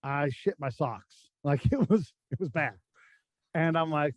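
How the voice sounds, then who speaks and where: An American man sits in as a podcast guest and spins blunt, profane war stories in a loose, casual way. He acts out the voices of the people in his tales. His voice sits a little higher than most men's, and it is recorded close and dry with no room sound. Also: lively intonation, a little slow, dry recording, lo-fi sound. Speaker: podcast guest, former army combat spy. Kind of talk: casual storytelling chat.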